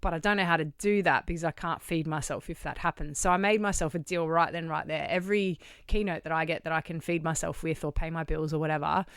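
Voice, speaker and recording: A middle-aged Australian woman with a low, smooth voice tells a story as a podcast guest. She acts out each bit of dialogue and swears casually. The sound is dry and close. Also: steady tone, quick pace, few pauses, a bit bright, no echo. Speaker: guest, charity founder. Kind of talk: conversational storytelling. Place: podcast studio.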